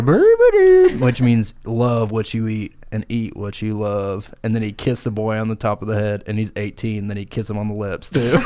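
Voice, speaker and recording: A man's voice: on the low side, slight background noise. A man co-hosting a podcast, improvising a rambling, profane comic story and laughing through it. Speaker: podcast co-host.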